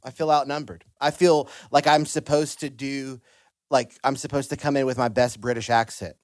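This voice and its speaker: A man's voice: mid-range voice, little pitch movement, normal speed, no echo. Joking male podcast host, dry sound. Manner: jokey, self-deprecating. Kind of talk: casual chat.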